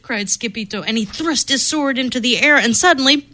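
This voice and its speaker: A woman reading a children's storybook aloud, expressive and dropping to whispers for suspense. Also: on the high side, brisk.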